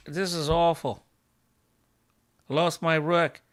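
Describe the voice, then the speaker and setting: A man's voice: fairly high pitch, little pitch movement, slow. A chess coach streaming live, a man thinking aloud over his moves, self-mocking and bursting into exclamations.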